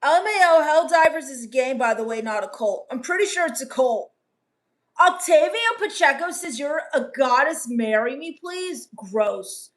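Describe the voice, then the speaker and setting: Reading the chat on her comedy livestream, the host speaks at a moderate pace in a high-pitched voice. She uses a gloomy gothic valley-girl drawl, deadpan, dismissive, and misanthropic.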